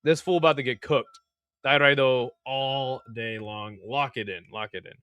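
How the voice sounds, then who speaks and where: A man's voice: medium pitch, fairly even intonation, normal speed, a bit bright, clear, resonant tone, dry recording. A young man hosting a live stream, giving casual play-by-play in a laid-back, slangy way and chatting with viewers.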